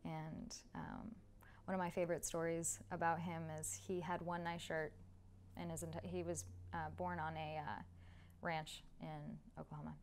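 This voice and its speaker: Young female guest, slightly low voice, chatty and laughing. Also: normal speed, slight background noise. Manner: chatty, laughs often, animated storytelling. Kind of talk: casual interview.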